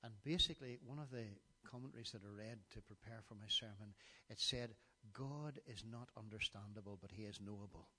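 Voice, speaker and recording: A middle-aged man delivers a sermon in a low, husky voice with a bright, forceful edge. He recites scripture passages with emphasis and sometimes stumbles into restarts mid-thought. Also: fairly quick. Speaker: preacher.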